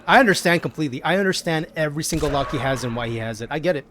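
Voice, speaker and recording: A young man, streaming a video game in an animated, jokey way. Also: a little high, slight background noise. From American South. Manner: animated, jokey, quick exclamations. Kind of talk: casual gaming commentary.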